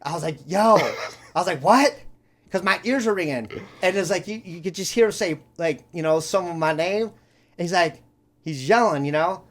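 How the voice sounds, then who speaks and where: A man's voice: fairly high pitch, moderate pace. A man hosting a podcast, telling a story casually and rambling, full of "you know" and swearing. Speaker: podcast host.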